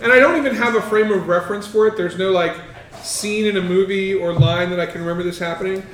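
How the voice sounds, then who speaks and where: A man with a high voice, chatting casually with a wry edge. He sits a little away from the mic in a room with a lot of echo. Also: quick pace, fairly bright tone, distant mic, slight background noise. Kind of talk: casual chat. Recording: roomy echo, a bit off mic.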